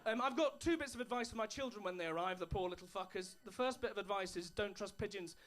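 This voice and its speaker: A man's voice: sits high, fast, fairly bright tone, a little hiss or hum. A man doing stand-up comedy, dry storytelling with put-on posh voices. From England. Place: comedy club stage with an audience.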